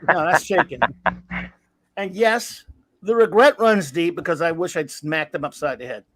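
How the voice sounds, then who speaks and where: A man's voice: fairly high pitch, a bit bright, dry recording, poor audio. A man in his fifties hosting a casual podcast chat, telling rambling anecdotes in a blunt, crude, joking way. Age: 50s. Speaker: podcast host.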